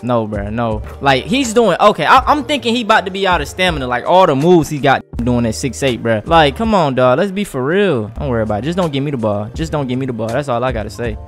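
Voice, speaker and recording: Hyped young man, lively trash-talking gameplay chatter. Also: mid-range voice, quick pace, hardly any pauses, faint music behind. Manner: hype, trash-talking, animated reactions with slang. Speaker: gaming YouTuber. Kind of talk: casual gameplay commentary.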